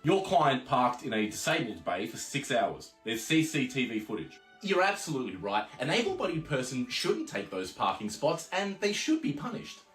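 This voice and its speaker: A man's voice: mid-range voice, sing-song, normal speed, fairly bright tone, reverberant, faint music behind. A man with an Australian accent playing a bumbling lawyer who keeps turning on his own client in a comedy skit, with a cheerfully blunt delivery.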